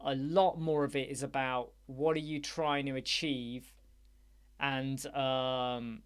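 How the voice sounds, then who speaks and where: A man hosting a live Q&A chat show, rambling and animated, with many fillers. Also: mid-range voice, takes it slowly, clean tone. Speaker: host. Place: dark room with soundproof panels.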